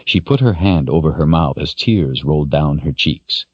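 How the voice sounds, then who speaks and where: A man narrating a fantasy audiobook in a steady, measured way. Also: extremely low pitch, slightly rough, no echo. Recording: dry, dull lo-fi studio sound.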